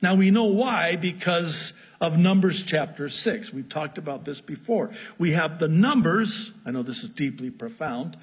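A man preaching a sermon, telling a story in a lively, joking way with asides. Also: fairly high pitch, a little slow, few pauses, slightly rough. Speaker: pastor. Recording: long hall reverb.

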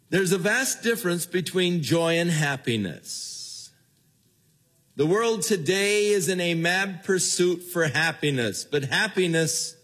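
An older man preaching a sermon in an earnest way, with his voice falling low and soft at the ends of phrases. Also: slightly rough. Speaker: pastor.

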